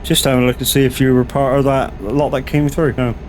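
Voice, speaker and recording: A man's voice: medium pitch, fast, a little hiss or hum. A man from Southwest England with a West Country accent, chatting casually on a game stream and answering viewers. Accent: West Country English. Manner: relaxed, reads chat aloud and answers. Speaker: gaming streamer. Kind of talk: casual live-stream chat.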